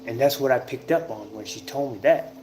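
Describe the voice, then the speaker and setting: A man giving an informal spiritual talk, telling a story emphatically, with drawn-out pauses and the odd curse word. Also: mid-range voice, darkish tone. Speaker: self-styled spiritual teacher. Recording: noisy ambient background.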